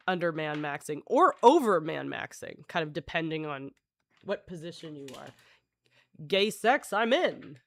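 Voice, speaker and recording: A woman's voice: fairly low pitch, fairly bright tone, no echo, studio quality. A woman live streamer chatting with her viewers in a rambling, jokey way, often breaking off and restarting her sentences. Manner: jokey, scattered, full of restarts and self-interruptions.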